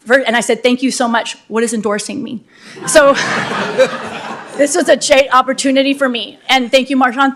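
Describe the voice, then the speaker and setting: A fairly high-pitched woman, just elected to the city council, gives a spirited, improvised speech of heartfelt thank-yous inside the council chamber.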